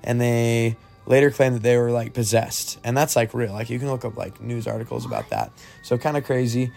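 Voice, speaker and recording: A man's voice: medium pitch, expressive, a little fast, gravelly, darkish tone, soft background music. A young man telling a spooky story to friends in a casual, rambling way, full of "like" and "um.". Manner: rambling, heavy on "like" and "um" fillers. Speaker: podcast storyteller.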